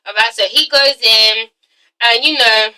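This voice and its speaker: A woman's voice: fairly high pitch, unhurried, bright, forceful tone, recorded from a distance, poor audio. A woman vlogger recapping a reality show in a sassy, profane way, tagging her lines with "okay?" and "all right?". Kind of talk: casual recap and commentary.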